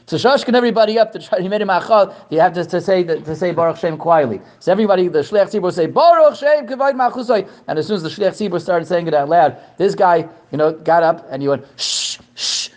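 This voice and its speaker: A man giving a Torah lesson to a class, animated, asking questions and often repeating words. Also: a little high. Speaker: Torah teacher. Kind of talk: lecture to a class.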